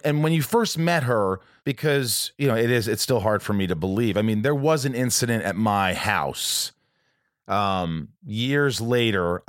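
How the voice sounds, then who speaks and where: A man in casual conversation, telling a personal story in a rambling way with many restarts and lively retold quotes. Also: medium pitch, dry recording, clean studio sound.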